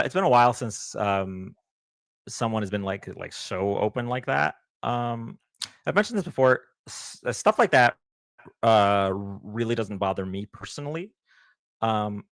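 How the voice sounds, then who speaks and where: A man's voice: on the low side, a bit bright, no room sound, clean studio sound. A young man co-hosting a casual live stream, hesitant and full of fillers and restarts. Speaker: co-host.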